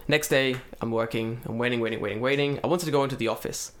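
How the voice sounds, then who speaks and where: A man's voice: medium pitch, fairly even intonation, quick pace, slight background noise. A man in casual chat, telling a story with lots of swearing and acted-out voices. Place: lives in Japan.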